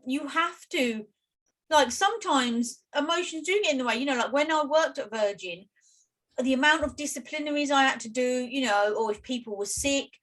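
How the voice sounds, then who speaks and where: A woman with a British accent, co-hosting a podcast and telling work stories in a chatty, expressive way. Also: high voice, normal speed, poor audio. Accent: British English. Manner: chatty, expressive, with many fillers and asides. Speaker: podcast co-host. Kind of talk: casual storytelling chat.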